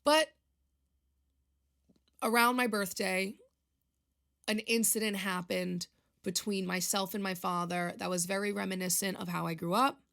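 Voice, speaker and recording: A woman's voice: mid-range voice, fairly even intonation, measured pace, gravelly, long pauses, a bit bright. A young woman, chatting on her own podcast in a rambling, confessional, emotional way. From Long Island, New York. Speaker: podcast host. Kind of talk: casual solo podcast chat.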